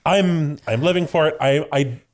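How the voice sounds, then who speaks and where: A man co-hosting a podcast in casual chat, animated and giggly, speaking in quick bursts. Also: fairly high pitch. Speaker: podcast co-host.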